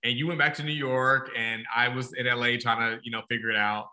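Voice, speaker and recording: A man's voice: medium pitch, little pitch movement, a little fast, bright, forceful tone. A man co-hosting a podcast, talking in a reflective, casual way with restarts. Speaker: podcast co-host. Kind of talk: casual chat.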